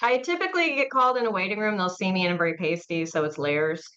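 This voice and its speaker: A talkative woman hosting an interview, chatting loosely with lots of fillers and restarts. Her voice sits at a middle pitch and comes through slightly dull and lo-fi. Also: very animated, very fast, pushed and bright. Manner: chatty, rambling, with many fillers. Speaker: podcast host and mortuary educator. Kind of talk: casual interview chat.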